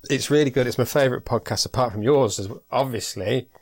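British male podcast host, chatty, stumbles and repeats words, mid-pitched. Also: brisk. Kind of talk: casual podcast chat.

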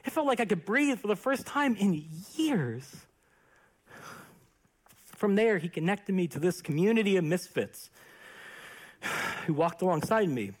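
A young pastor preaches an earnest sermon. His voice sits a little high and has a husky edge. He swings from fervent peaks to near-whispered, hushed stretches. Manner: earnest and impassioned, with hushed quiet passages.

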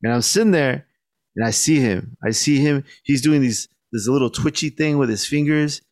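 Man, young adult, laid-back, swears a lot, casual storytelling, middle pitch, dry sound. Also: moderate pace, no echo. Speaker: podcast co-host.

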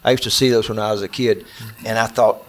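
A man's voice: lowish voice, fairly even intonation. A man telling a gripping personal story to people sitting with him, often stumbling and repeating words as he relives it. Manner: halting and intense, repeating words as he relives events. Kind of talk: personal storytelling to a small audience.

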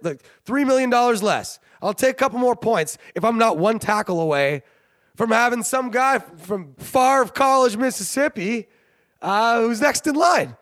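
A man's voice: extremely high pitch, a bit bright, no room sound, studio quality. A man hosting a sports show, rambling and joking in casual commentary, often laughing. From Canada. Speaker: sports podcast host.

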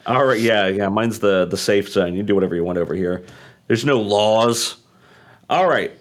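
A man's voice: on the low side, normal speed. A man hosting a casual podcast quiz, laughing often and teasing the players. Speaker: quiz master.

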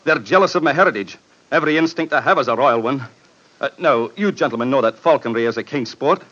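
An actor playing a frightened, excitable man with a weak heart, pleading breathlessly in 1940s radio style. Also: mid-range voice, fast. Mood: earnest. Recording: dull old radio broadcast.

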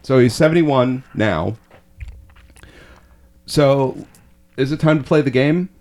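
A man's voice: medium pitch, takes it slowly, darkish tone. Male podcast host, loose and profane, laughs a lot while he rambles. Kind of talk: casual chat.

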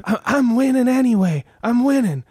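A man's voice: extremely high pitch, expressive, moderate pace, husky, no echo, clean studio sound, pitched above the performer's own voice, full character voice. A man voicing a furious corrupt cop in a comedy podcast bit, ranting and cursing. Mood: raging. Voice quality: shouting, profane, escalating.

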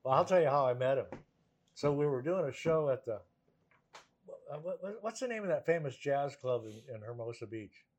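A man, a guest musician, telling anecdotes in conversation, animated and often laughing as he talks. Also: mid-range voice, moderate pace. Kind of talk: conversational storytelling.

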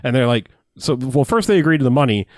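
A man's voice: mid-range voice, quick pace, no echo, clean studio sound. Rambling man recapping a movie. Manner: rambling, animated retelling with acted-out quotes and frequent laughs. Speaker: podcast co-host. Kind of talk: casual movie recap chat.

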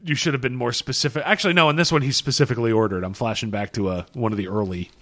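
A man's voice: mid-range voice, racing, a bit bright. A man co-hosting a casual comic book podcast, rambling and swearing, laughing often, worn out after a long session. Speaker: podcast co-host.

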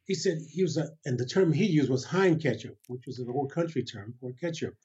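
An older man spins a long story as an interview guest, chuckling as he goes and slipping into the voices of the people he quotes. His voice has a husky edge. The recording sounds somewhat dull and lo-fi. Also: mid-range voice, a little fast, darkish tone. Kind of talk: storytelling in a conversation.

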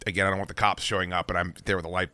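A man hosting a podcast, telling a story casually and with lots of swearing, acting out his own shouts. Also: low voice, very fast, no room sound. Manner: profane, animated, acts out his own shouting. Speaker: podcast host.

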